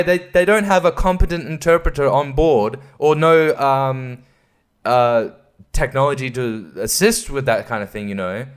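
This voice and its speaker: A man's voice: on the high side, a bit bright. A man hosting a podcast, giving a casual and profane film review rant, rambling and exasperated and stumbling over his words. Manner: stumbles and laughs between thoughts. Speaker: podcast host.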